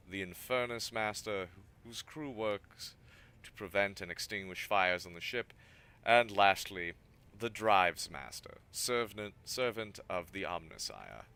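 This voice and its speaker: A man's voice: fairly low pitch, a little slow, bright, forceful tone, smooth. A man streaming a game, reading its dialogue and narration aloud and tripping over some words. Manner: stumbles over words, adds asides. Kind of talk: reading game text aloud with character voices.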